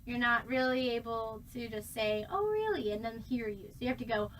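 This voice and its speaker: A woman's voice: fairly high pitch, level tone, a little fast, a bit bright. A young woman coaching a student through a voice lesson, encouraging and demonstrating exercises. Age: young adult. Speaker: voice teacher.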